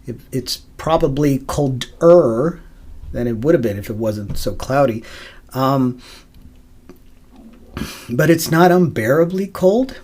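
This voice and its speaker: A man's voice: mid-range voice, animated, slow pace, pauses often, darkish tone. A man hosting his own podcast in a casual solo monologue, rambling and profane, with frequent laughs and fillers. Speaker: podcast host.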